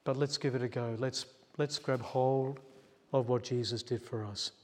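A man's voice: mid-range voice, fairly even intonation, normal speed, a little mellow. A male pastor, telling a story in a sermon and acting out the quotes in a chatty way. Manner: chatty, acts out quotes, laughs at himself. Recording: long church reverb.

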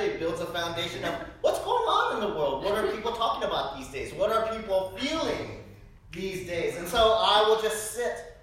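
A man preaching a sermon, telling stories in an animated way and often tossing out a rhetorical "right?". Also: mid-range voice, slight background noise. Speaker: pastor. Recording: echoey hall, distant mic.

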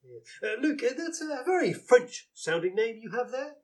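A man's voice: extremely high pitch, big pitch swings. An actor playing a pompous, bumbling police inspector in a comedy sketch, stumbling over his words. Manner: halting, stumbling, laughing at himself. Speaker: comedy performer. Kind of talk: live comedy sketch reading.

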